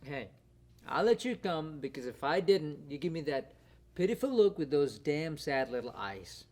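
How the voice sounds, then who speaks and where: A young man playing a college-age brother home for a visit who halts, stammers and restarts when the talk gets hard. His voice is lively and rises and falls a lot, as in a student stage play. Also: a little high, normal speed. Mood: teasing. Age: young adult. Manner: hesitant, stammering. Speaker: actor.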